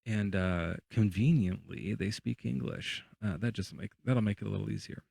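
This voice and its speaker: A man's voice: fairly low pitch, normal speed, gravelly, warm tone, no echo, clean studio sound. A man hosting a livestream, telling a rambling, playful hypothetical full of fillers. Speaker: livestream host. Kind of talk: casual debate chat.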